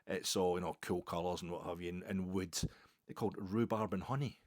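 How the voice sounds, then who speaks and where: A Scottish man with a low voice and fairly even intonation talks fairly quickly, with no echo on the recording. As a podcast host, he tells a rambling, self-deprecating anecdote full of swearing.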